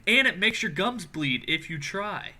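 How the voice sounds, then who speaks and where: A man's voice: high-pitched, expressive, unhurried, bright, forceful tone. A man hosting a casual podcast, reading out silly matchups and laughing often. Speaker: podcast host.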